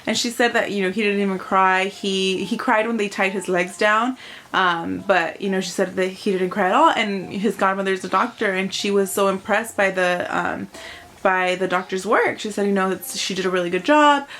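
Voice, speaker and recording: A woman's voice: mid-range voice, moderate pace, fairly bright tone, slight background noise. A young woman vlogging to camera as a mom, retelling a personal experience in a chatty, emotional way, with lots of fillers. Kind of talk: casual vlog monologue.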